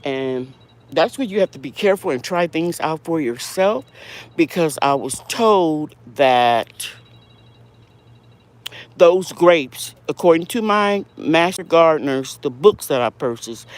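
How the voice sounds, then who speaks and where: A woman's voice: low-pitched, animated, measured pace. A middle-aged woman hosting a casual garden tour vlog outdoors, talking in a chatty, rambling way and correcting herself as she goes, recorded on a handheld phone. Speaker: home gardener and channel host.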